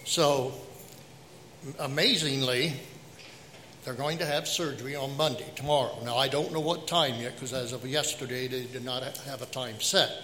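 A congregation member with a bright, clear tone, speaking in a reverberant hall with faint background noise. He is earnest and halting, and corrects himself as he goes. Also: medium pitch, fairly even intonation. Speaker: congregation member giving a prayer update. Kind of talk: church sharing.

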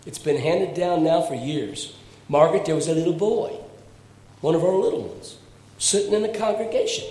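Animated man preaching in an echoey church. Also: a little high. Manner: animated, addresses congregation members by name. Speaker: pastor. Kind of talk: sermon. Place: church sanctuary.

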